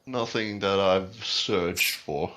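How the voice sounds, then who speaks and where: A man's voice: deep voice, takes it slowly, fairly bright tone. A man playing in a tabletop game, laid-back and wry. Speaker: player. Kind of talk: tabletop role-play.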